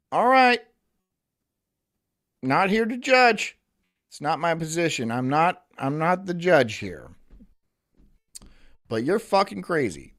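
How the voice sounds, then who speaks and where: A man's voice: a little high, fairly bright tone. A man streaming in casual chat, ranting in an incredulous, profane way.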